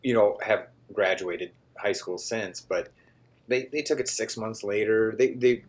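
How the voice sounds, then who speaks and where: Low-voiced easygoing dad. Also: male voice, measured pace. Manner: easygoing, agrees a lot with short yeps. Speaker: podcast co-host. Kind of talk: casual chat.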